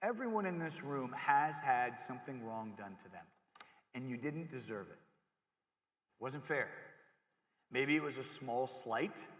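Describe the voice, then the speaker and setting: A young man giving a jokey, animated chapel sermon to middle schoolers, often acting out voices as he goes. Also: mid-range voice, a little slow, pauses often. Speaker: youth pastor. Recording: echoey hall with long reverb.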